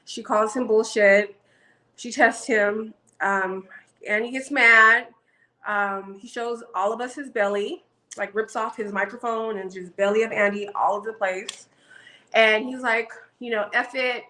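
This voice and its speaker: Brief: woman show reviewer, fairly high, bright voice, gossipy casual recap. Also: steady tone, unhurried, low-quality recording. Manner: chatty and gossipy, frequent ums.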